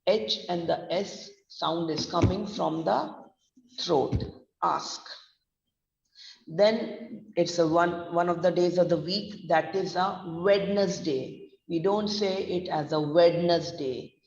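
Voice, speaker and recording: A man with a Gujarati accent teaching pronunciation, spelling each word out letter by letter and repeating it slowly. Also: high voice, steady tone, creaky, darkish tone, slight background noise. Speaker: pronunciation trainer. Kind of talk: online pronunciation lesson. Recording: distant, echoey, dull lo-fi room sound.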